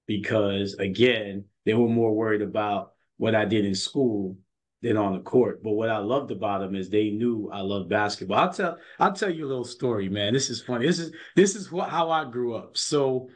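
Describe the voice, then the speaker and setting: A man's voice: fairly low pitch, normal speed. A man who coaches basketball, telling stories in a casual interview, earnest and often repeating his words as he goes.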